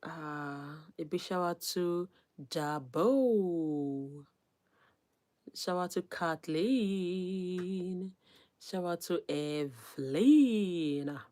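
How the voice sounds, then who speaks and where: Woman, YouTuber, livestream chat, slow delivery, reads comments, soft-spoken. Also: lowish voice, expressive. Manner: reads viewer names, gives shout-outs; soft, unhurried, drops to near-whisper at times.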